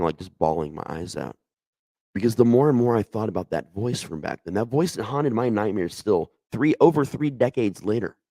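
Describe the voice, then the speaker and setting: A middle-aged man with a deep, low, slightly mellow voice tells a true ghost story from his own life. He's conversational yet emotional, often backing up to restart sentences and adding asides. The recording is dry and close, with no room echo.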